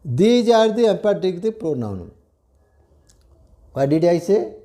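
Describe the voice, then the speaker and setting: A man's voice: sits high, big pitch swings, slow, warm tone. An older man with an Odia accent, a retired headmaster giving a classroom grammar lecture, repeating key phrases and checking that students understand. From India.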